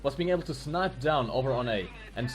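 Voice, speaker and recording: A man commentating a live tank game match, analytical, breaking into excited exclamations. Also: mid-range voice, fairly quick. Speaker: esports commentator. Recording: faint music behind.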